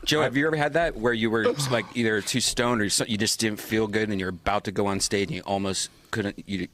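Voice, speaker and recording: Low-voiced man asking questions. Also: fairly even intonation, fairly quick, a bit bright, a little hiss or hum. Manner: asks questions, curious. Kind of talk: casual podcast chat.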